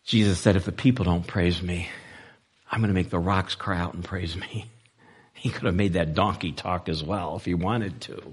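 A male preacher delivering a sermon, moving between loud, emphatic lines and soft, low-voiced passages. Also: fairly even intonation, normal speed, slightly rough.

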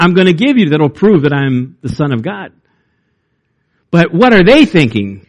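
A man preaching a sermon in a conversational way, with fillers and restarts, and his pitch rises when he reads or retells.

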